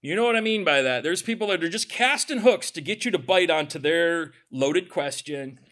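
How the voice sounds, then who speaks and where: Male pastor, conversational sermon, animated, voice pitched high. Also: normal speed. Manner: animated, conversational preaching with asides and acted quotes.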